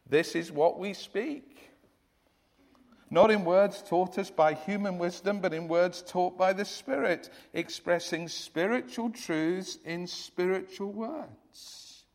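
A man preaching from the pulpit with an earnest, emphatic delivery and a notably high voice. His words ring out with a long reverb, as if spoken in a large church hall. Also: slow pace. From United Kingdom. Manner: earnest, emphatic, with frequent restarts. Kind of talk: sermon.

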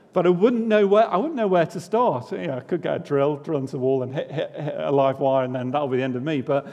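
Preacher with a higher voice in a reverberant hall. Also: male voice, a little fast, darkish tone, highs cut off. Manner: conversational, asks the congregation rhetorical questions; self-deprecating humour. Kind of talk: sermon. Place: church.

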